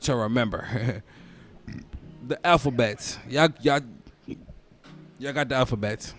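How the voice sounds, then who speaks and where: A young man hosting a comedic podcast, ranting in a loose, profane way and bursting into loud mocking quotes. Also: mid-range voice, slow, soft background music. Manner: profane, animated storytelling with loud mock quotes. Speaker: podcast host. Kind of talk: casual comedic podcast rant.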